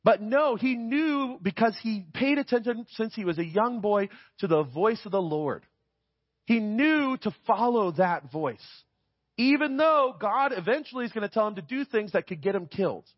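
A man with a high-pitched, expressive voice preaches a sermon conversationally at normal speed, often checking in with listeners by adding "right?". There's no room sound, and the highs are cut off.

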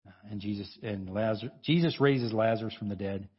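A man's voice: fairly low pitch, brisk, breathy edge, lo-fi sound. A man preaching a conversational sermon, informal and chuckling, who breaks off and restarts his sentences as he goes. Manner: informal, self-interrupting, chuckling asides.

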